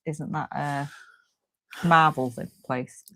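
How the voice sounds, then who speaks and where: A bubbly woman co-hosting a podcast, teasing and quick to laugh. Her voice is low for a woman. The sound is dry and close. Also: fairly even intonation, a bit bright, no room sound. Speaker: podcast co-host. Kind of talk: casual chat.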